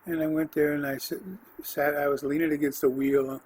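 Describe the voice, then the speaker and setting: Man, podcast host, faith testimony, earnest, rambling, slightly high voice. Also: flat delivery, a little fast, darkish tone, slight background noise, low-quality recording. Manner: earnest, rambling, with restarts and throat clearing. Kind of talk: personal faith testimony, casual storytelling.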